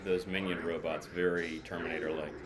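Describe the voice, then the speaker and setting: Low-voiced man chatting through a reaction. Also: level tone, brisk, heavy background noise. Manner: chatty, muses aloud with small laughs. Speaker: voice actor reacting to an episode. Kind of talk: casual live reaction commentary. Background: episode soundtrack music playing.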